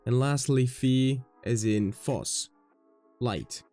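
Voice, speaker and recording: A man's voice: mid-range voice, slow pace, music in the background. A man giving a playful, jokey video lesson on his alphabet, swearing now and then. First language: Greek. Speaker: language teacher.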